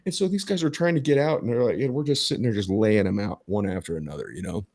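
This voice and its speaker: A man's voice: fairly low pitch, fast talker, darkish tone. A middle-aged man hosting a podcast, telling a story casually and emphatically, swearing heavily and restarting his sentences. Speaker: podcast host.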